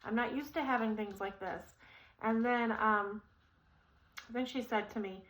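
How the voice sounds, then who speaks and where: Her voice is medium in pitch, steady in tone and moderate in pace, though the audio quality is poor. A middle-aged woman vlogger, she rambles warmly through a personal story as she builds furniture, with frequent fillers and restarts.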